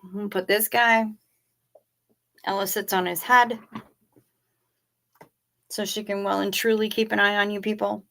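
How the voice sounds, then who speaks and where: A woman with a bright, clear tone talks casually to her viewers from her chair at home. She rambles along and often trails off. She is a little sleepy and keeps yawning. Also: mid-range voice, little pitch movement, moderate pace, long pauses. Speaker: livestream host. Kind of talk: casual livestream chat with viewers.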